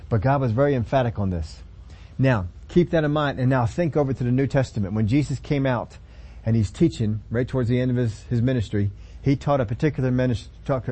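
A man preaching a sermon, emphatic, with sudden loud stressed words between quieter explaining. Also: medium pitch.

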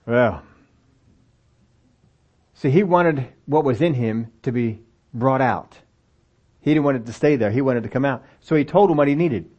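A man's voice: medium pitch, moderate pace, pauses often. An older man preaching a sermon, reading scripture aloud and breaking into folksy, self-deprecating asides. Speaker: pastor. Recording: dull lo-fi sound.

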